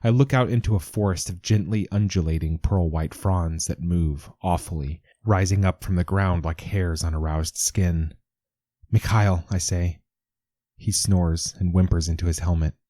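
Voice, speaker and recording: A man narrating a first-person story in a measured, intense way. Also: low voice, steady tone, warm tone, no room sound, clean studio sound.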